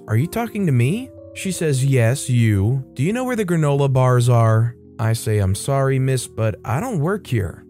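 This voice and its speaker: A man narrates read-aloud stories with a mellow, darker tone at a middling pitch. He nudges his pitch a little for quoted lines without doing full character voices. Faint guitar music plays quietly under his voice. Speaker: narrator reading posts aloud. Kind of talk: storytime narration of posts with brief comments.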